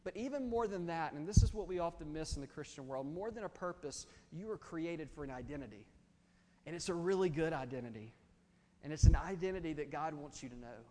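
A man tells a story from the pulpit, candid and ready to laugh at himself. His voice sits fairly high for a man. The long reverb of a large hall trails after his words. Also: animated, brisk, warm tone. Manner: candid, self-deprecating, conversational. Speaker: preacher. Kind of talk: storytelling sermon. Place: church or auditorium.

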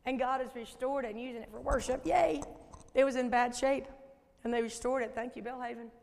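A Southern American woman in her fifties preaching a lively, folksy sermon in a church sanctuary and questioning the congregation. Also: a little high, fairly quick, vocal fry. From Southern United States. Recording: echoey church hall.

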